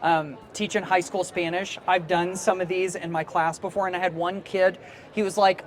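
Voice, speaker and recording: With a high voice and a fairly quick pace, this man gives a live conference workshop. He's a teacher trainer and presenter whose style is casual and chatty, and he laughs easily while talking to the room.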